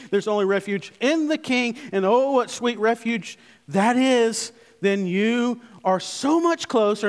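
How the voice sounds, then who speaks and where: A male pastor preaches with a high, light voice, leaning hard on key words and then dropping to quiet, low asides. He sounds like he is in a church sanctuary, with long reverb trailing each phrase. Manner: emphatic, swinging from loud stresses to hushed low asides. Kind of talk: sermon.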